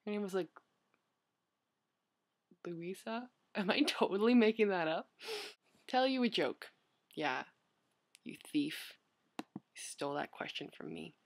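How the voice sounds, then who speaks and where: A woman's voice: lowish voice, lively intonation, measured pace, pauses often. A young woman vlogger chatting casually as she answers questions, rambling and filling her talk with "like" and "you know".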